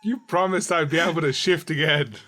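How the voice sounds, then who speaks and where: A man's voice: on the high side, bright, forceful tone. A man playing a tabletop role-playing game, describing his character casually and joking around. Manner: casual, playful, quick to joke. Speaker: player. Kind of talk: tabletop role-play chat.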